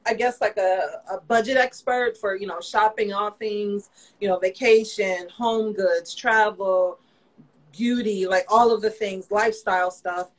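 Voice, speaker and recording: A woman's voice: mid-range voice, steady tone, unhurried, poor audio. A woman fashion designer, a guest in a casual interview, telling her story candidly with lots of "you know".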